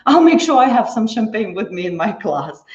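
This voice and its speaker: A woman's voice: medium pitch, sing-song, moderate pace, lo-fi sound. Bubbly woman live-streaming in an echoey room. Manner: bubbly, chatty, thanks viewers by name. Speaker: online dance teacher. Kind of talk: live-stream chat after class. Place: indoors at home.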